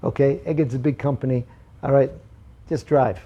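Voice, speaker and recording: Here is a broke bus rider arguing pushily with the driver in a told example, as a man acts him out. The tone is indignant and fast, with a gravelly, husky edge. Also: medium pitch, fairly even intonation, highs cut off.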